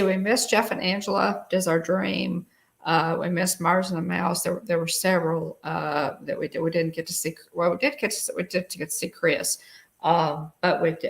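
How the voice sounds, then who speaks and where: Casting: middle-aged woman, low gravelly voice, rambling co-host chat. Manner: chatty, rambling, many fillers and restarts. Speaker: show co-host. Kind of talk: casual live-stream chat.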